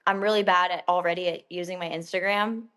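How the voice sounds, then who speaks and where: A woman guest on a podcast, answering in a relaxed, candid way with some hesitant fillers. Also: lowish voice, fast talker. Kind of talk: casual interview chat.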